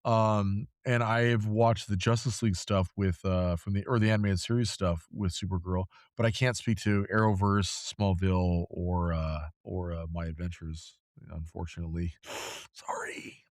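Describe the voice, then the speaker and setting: A man's voice: deep voice, fairly even intonation, moderate pace, few pauses, no room sound, studio quality. A man co-hosting a podcast, chatting casually and acting out quoted people as he tells a story. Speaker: podcast co-host. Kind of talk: casual chat.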